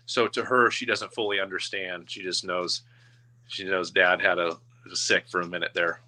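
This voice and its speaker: Bright-voiced man, emotional and halting. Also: deep voice, fairly even intonation. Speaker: guest. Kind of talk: personal storytelling in an interview.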